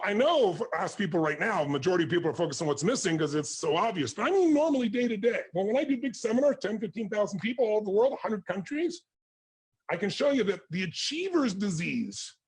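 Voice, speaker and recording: A man's voice: sits high, expressive, fast talker, breathy edge. A man giving an intense, passionate motivational talk, speaking with full force to an interviewer and audience.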